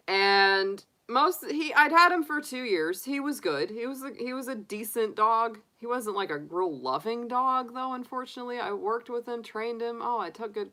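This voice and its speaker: A chatty woman tells casual stories to her live viewers, laughing easily and restarting her sentences. Her voice sits a little low but has a bright, forward edge. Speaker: tarot reader and astrologer. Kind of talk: casual storytelling to a live chat.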